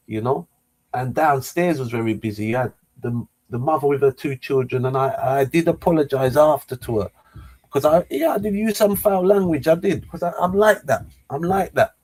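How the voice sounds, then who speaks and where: A middle-aged man tells a story straight to camera in an excitable, animated way. He stumbles and repeats words and acts out the lines of the people in it. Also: medium pitch. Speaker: vlogger.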